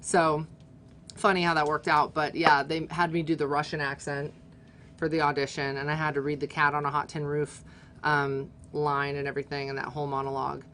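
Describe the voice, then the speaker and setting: Chatty woman with a lowish voice. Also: level tone, fairly quick, a bit bright, slight background noise. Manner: chatty, fills sentences with "like". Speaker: guest. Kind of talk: casual chat.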